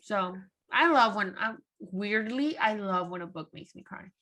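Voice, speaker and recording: A woman's voice: medium pitch, lively intonation, unhurried, bright, forceful tone. A woman co-hosting a book podcast in casual chat, stressing points by repeating words. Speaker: podcast co-host.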